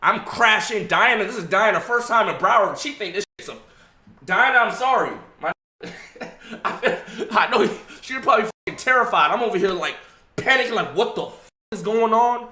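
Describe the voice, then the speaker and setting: Young adult male streamer, bright and high-energy, storytelling with lively swings. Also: moderate pace, slightly rough. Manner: animated, profane, swings between hushed and laughing. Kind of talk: casual storytelling to chat.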